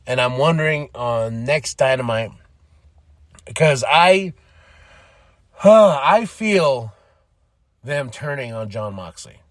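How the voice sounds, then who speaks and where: A man's voice: mid-range voice, expressive, takes it slowly, pauses often, no room sound, clean studio sound. A man hosting a podcast, giving rambling, enthusiastic fan commentary and often laughing. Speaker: podcast host. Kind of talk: casual commentary.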